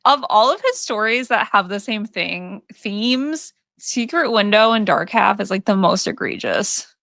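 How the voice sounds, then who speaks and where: Lady cohost on a horror podcast, bright lively voice, blunt jokey, dry close sound. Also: mid-range voice, a little slow, gravelly, no room sound. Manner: blunt, joking, swears. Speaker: podcast co-host. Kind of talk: casual movie podcast chat.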